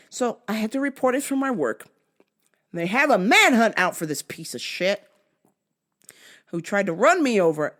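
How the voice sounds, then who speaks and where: A woman's voice: medium pitch, a bit bright. A woman hosting her own show, telling a story as a heated, profane rant and acting out both sides of the exchange. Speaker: podcast host.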